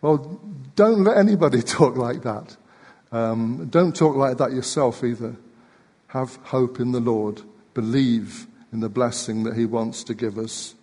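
A man preaches to his church in a calm, measured voice, pitched in the middle of the range. He often repeats a word as he goes on. The sound rings with the long reverb of a large hall. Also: husky. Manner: gentle, measured, repeats words. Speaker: pastor. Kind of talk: sermon. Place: church sanctuary.

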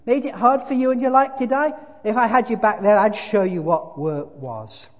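A blustering, self-righteous dead working man rants at a raised, strained pitch, as a preacher voices him. He is loud and insistent. The sound is dull and muffled, with long reverb from a big hall. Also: moderate pace, lightly acted. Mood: indignant.

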